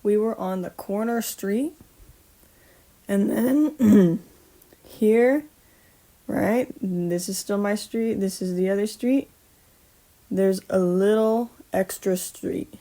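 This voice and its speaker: A woman's voice: mid-range voice, slow pace, pauses often, warm tone. Rambling woman telling a story casually. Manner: rambling, self-correcting, swears freely. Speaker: podcast host.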